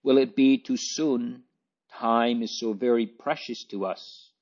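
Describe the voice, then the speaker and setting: A man's voice: medium pitch, fairly even intonation, takes it slowly, a little mellow. A man voicing an anxious, earnest young man worried for his brother, on a dull lo-fi recording.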